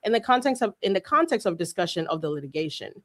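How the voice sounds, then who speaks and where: A woman's voice: mid-range voice, very animated, fast, a bit bright. A woman co-host reads a court filing aloud in a casual podcast. She breaks off for irreverent, giggly asides and swears freely. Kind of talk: casual podcast chat and document reading.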